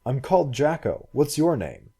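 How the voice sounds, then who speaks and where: A man's voice: medium pitch, very animated, moderate pace, warm tone, husky, pitched above the performer's own voice. A man reading a story aloud and voicing a polite, easily astonished young man.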